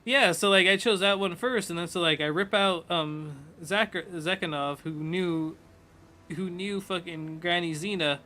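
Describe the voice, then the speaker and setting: A man with a fairly high, bright voice talks loosely and at length. He swears freely and keeps slipping into quoted lines as he retells a story. It sounds like casual chat from a streamer. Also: unhurried.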